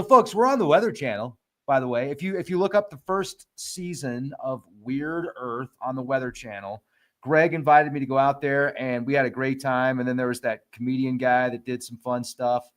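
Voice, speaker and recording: A man hosting a casual podcast, excitable and joking, laughing often. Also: fairly high pitch. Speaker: podcast host.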